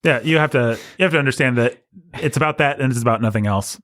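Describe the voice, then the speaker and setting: A man's voice: mid-range voice, fast, fairly bright tone, no echo, clean studio sound. A man co-hosting a casual film podcast, explaining at length with frequent restarts. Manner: talkative, explanatory, many restarts. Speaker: podcast co-host.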